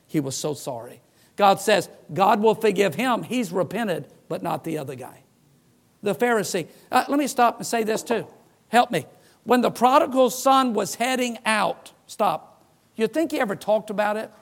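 A middle-aged man delivers a sermon as a pastor. His voice sits notably high for a man. He tells stories with animation and slips into the voices of the people he quotes. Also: normal speed. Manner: animated storyteller who acts out quoted voices.

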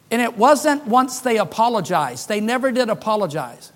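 Pastor, male, high voice, folksy preaching, wry asides, dynamic delivery. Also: sing-song, moderate pace, few pauses. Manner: folksy, joking asides, shifts between loud emphasis and hushed lines. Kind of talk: sermon.

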